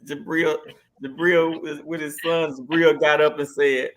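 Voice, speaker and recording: A man chatting on a sports talk show, chiming in with quick agreements and laughing through his stories. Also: a little high, level tone. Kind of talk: casual chat.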